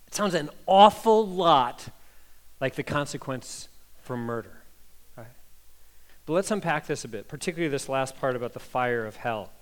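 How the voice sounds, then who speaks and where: Male pastor, Midwest-raised, slightly high voice, chatty and animated in the pulpit. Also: normal speed. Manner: animated storytelling, frequent "like" and "right?". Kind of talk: conversational sermon.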